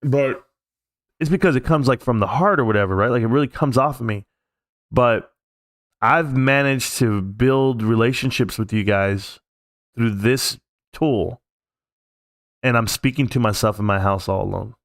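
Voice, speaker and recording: A man's voice: mid-range voice, a little slow, pauses often, no echo. Male streamer, mid-range voice, dry sound, heartfelt rambling chat from home. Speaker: live-stream host. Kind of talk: casual live-stream talk. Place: at home, alone.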